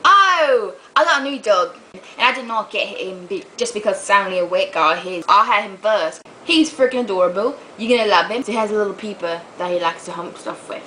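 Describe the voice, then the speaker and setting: A young woman ranting to her camera in a casual vlog, chatty and animated, swearing as she tells stories. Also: mid-range voice, a little fast, a little hiss or hum, poor audio. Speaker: vlogger.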